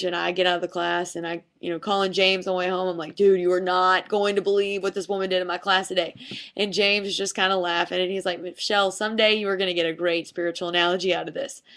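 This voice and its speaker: A young woman, a fitness instructor, telling a personal faith story to camera in a chatty, animated way, full of "like"s, and acting out what people said. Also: lowish voice. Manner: chatty, animated retelling with many "like"s, acting out quotes. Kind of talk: casual devotional storytelling to camera.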